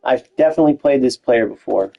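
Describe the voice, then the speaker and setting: A man's voice: medium pitch, fast, vocal fry, highs cut off. A young man streaming a football video game, chatting loosely to his live chat, with casual slang and frequent restarts.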